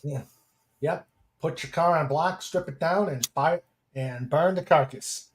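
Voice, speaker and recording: Slow-talking, higher-voiced male podcast host. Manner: chatty, chuckling, with many fillers. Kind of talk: casual live-stream chat, reading viewer comments.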